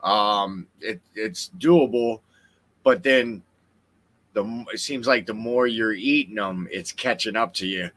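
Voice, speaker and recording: A man's voice: fairly low pitch, unhurried, a bit bright. A man hosting a livestream in casual chat, easygoing as he asks his guest questions. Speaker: livestream host.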